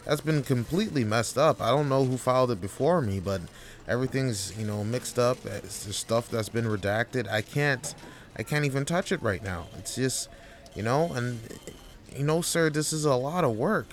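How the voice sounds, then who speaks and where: A man's voice: mid-range voice, lively intonation, normal speed, slight background noise, natural voice. A man voicing an overworked male office clerk who pleads with his boss and then turns profane and combative. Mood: pleading.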